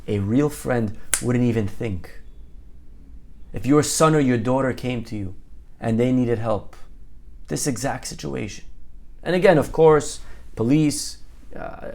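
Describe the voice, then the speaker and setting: A male rabbi giving a storytelling Torah lesson with a gravelly, creaky voice at a medium pitch. He talks animatedly, tosses out rhetorical questions, and switches voices for the figures in his story. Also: darkish tone. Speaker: rabbi teaching a Torah class.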